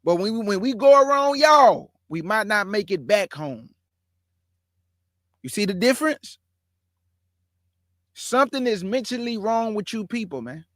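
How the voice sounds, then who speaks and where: Heated high-voiced man preaching. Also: a bit bright, dry recording, studio quality. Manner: heated, emphatic, repetitive. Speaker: host and religious commentator. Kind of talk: impassioned preaching commentary.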